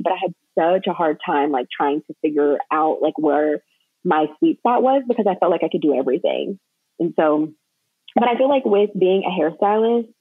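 A young woman chatting as a podcast guest, talking freely with lots of fillers and quick laughs. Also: on the low side, slightly rough, no echo. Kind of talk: casual chat. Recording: tinny phone-like line.

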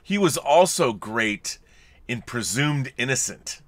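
Here a podcast co-host talks slowly at a medium pitch, with no echo. On the livestream he chats casually and animatedly, giving viewer messages playful voices and asides as he reads them out.

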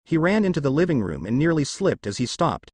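A man narrating fan fiction aloud in a lively storytelling manner. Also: a little high, fairly quick, husky, no room sound.

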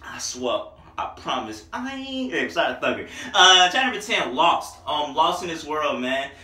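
A young man reviewing an album in loose, hyped-up slang, breaking into sung snippets. His voice is bright and on the high side. He sits back from the mic in a roomy, echoing space. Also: a little slow, distant mic. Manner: excited, slangy, sings snippets along with the tracks. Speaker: music reviewer. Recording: echoey room, voice off-mic.

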